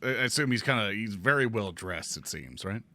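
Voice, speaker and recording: A man's voice: lowish voice, animated, moderate pace, bright, forceful tone, no echo, studio quality. A man playing a tabletop game, talking casually, joking and swearing. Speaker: player.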